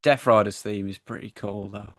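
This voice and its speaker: A man co-hosting a casual wrestling review podcast, chatty and animated as he retells the show. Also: lowish voice, normal speed, no echo, clean studio sound. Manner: chatty, animated when acting out wrestlers, frequent "I was like". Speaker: podcast co-host.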